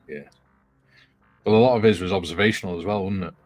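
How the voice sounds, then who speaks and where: A man with a very low voice chats as a guest on a livestream. He talks in a relaxed way with dry humour. Faint music plays in the background. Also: fast, no room sound. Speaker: guest model builder. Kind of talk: casual livestream chat.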